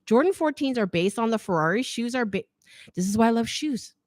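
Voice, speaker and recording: A middle-aged woman hosting a casual livestream Q&A, reading comments aloud, chatty and quick to laugh, saying "like" a lot. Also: a little high, expressive, a little mellow, dry recording, clean studio sound. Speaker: fashion YouTuber hosting a live Q&A.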